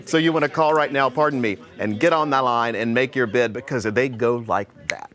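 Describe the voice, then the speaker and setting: A man hosting a phone bank on live studio TV, energetic and urging viewers to call in. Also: medium pitch, moderate pace. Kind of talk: live TV pledge pitch.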